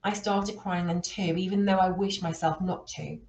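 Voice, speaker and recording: A woman reads a storybook aloud in a steady, expressive way. Her voice sits on the lower side for a woman, and the room around her adds a noticeable echo. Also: normal speed, a little hiss or hum. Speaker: reader.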